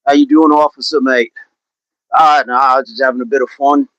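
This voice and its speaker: A man's voice: mid-range voice, steady tone, brisk, a bit bright, no room sound, muffled recording, close to an everyday voice. A man putting on a put-on Australian accent, voicing a cheeky, carefree bloke who sounds breezy and falsely innocent.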